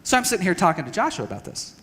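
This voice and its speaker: A man giving an earnest, halting talk to a church audience, telling a personal story and acting out conversations. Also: high voice, sing-song, fairly bright tone, big-room sound. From United States. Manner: earnest, halting with restarts, acts out dialogue. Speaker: speaker at a church training session. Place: church hall.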